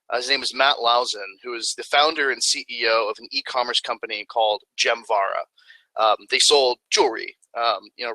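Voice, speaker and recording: A man's voice: mid-range voice, sharp tone, no echo, poor audio. A man giving a webinar talk in a casual, upbeat, self-deprecating way. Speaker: webinar speaker. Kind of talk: casual presentation.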